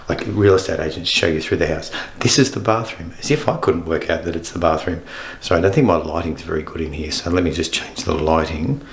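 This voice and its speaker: Chatty deep-voiced man in a hotel room. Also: slight background noise. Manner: chatty, rambling, jokey, self-correcting. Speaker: vlogger in hotel quarantine. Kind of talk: casual self-filmed vlog.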